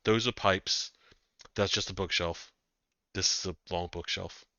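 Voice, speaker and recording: A man's voice: sits low, fairly even intonation, unhurried, bright, forceful tone, dry recording. A man acting as game master, narrating actions and rulings in a casual way that includes some swearing. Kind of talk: running a tabletop game. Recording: slightly dull dry mic.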